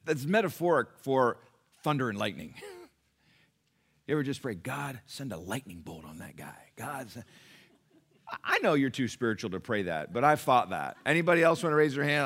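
A middle-aged man preaching a sermon to his church, emphatic and swinging from quiet to loud. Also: mid-range voice, lively intonation, moderate pace. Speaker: pastor.

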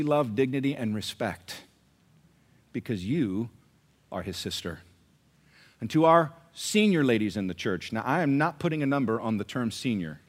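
A male pastor preaching a sermon, animated and questioning the congregation directly. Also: medium pitch.

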